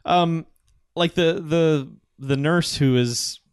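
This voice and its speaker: A man casually recapping a movie plot as a podcast co-host, telling it in animated bursts and laughing often. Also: a little high, slow, clean tone, no echo, studio quality.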